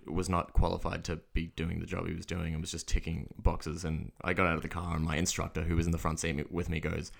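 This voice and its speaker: Deep-voiced laid-back young man. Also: monotone, quick pace, creaky, hardly any pauses. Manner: rambling, laid-back, trails off and restarts. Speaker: podcast co-host. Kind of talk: casual reality-TV recap chat.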